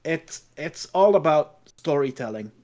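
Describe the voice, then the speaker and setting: A man's voice: a little high, lively intonation, unhurried, mellow. A man co-hosting a podcast in casual chat, talking about a game with enthusiasm. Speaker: podcast co-host.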